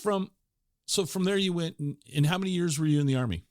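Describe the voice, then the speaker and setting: A man's voice: on the high side, fast talker, dry recording, clean studio sound. Curious man asking rambling questions. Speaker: podcast host. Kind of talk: casual interview chat.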